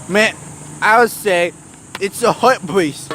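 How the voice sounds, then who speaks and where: Mock British bloke, done by a young man: high, sing-song, slow, teasing. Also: background noise. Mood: smug. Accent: put-on British. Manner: exaggerated, teasing, drawn-out. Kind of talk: joking role-play among friends.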